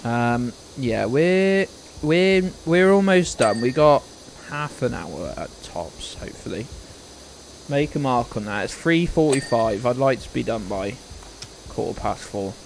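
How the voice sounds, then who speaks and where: A man's voice: medium pitch, animated, unhurried, vocal fry, slight background noise. Chatty young man streaming a game. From United Kingdom. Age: 20s. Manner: rambling, chatty, greets viewers by name, swears casually. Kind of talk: casual live-stream chat.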